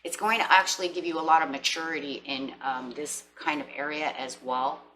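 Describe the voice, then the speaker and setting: A woman with a bright, slightly low voice gives a casual tarot reading to her viewers. She talks in a chatty, animated way and keeps dropping into quoted inner voices. A faint hum runs underneath. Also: brisk, poor audio. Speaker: tarot reader.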